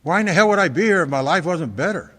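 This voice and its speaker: An American man from Fresno, California, giving an earnest personal testimony at a recovery meeting, halting often and repeating words as he restarts. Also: high voice, expressive, fairly bright tone. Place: large hall at a convention. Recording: reverberant hall recording.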